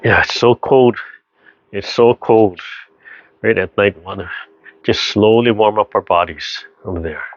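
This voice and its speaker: Slow, soft-spoken man leading gentle exercise. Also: fairly low pitch, no room sound, dull audio. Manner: slow, gentle, soothing instructions with audible sighing breaths. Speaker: tai chi and qigong instructor. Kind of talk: guided seated exercise class. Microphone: video call.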